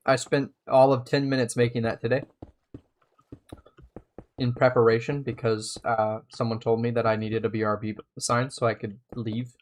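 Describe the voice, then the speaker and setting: A man live-streaming a building game, chatting casually and thinking aloud as he plays. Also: medium pitch.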